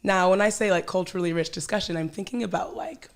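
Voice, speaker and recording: A woman's voice: fairly low pitch, fairly even intonation, fast talker. A woman guest on a podcast, talking casually in a thoughtful, searching way with frequent restarts. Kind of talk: casual chat.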